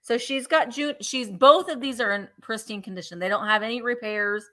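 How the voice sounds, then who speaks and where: A woman's voice: on the high side, brisk, bright, forceful tone. A woman hosting a live vintage sale, chatting playfully and counting down bids. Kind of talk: live auction selling chat.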